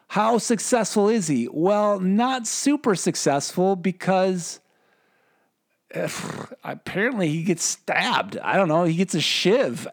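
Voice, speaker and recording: Chatty male Bible teacher, higher voice. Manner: rambling, joking, self-correcting, asks rhetorical questions.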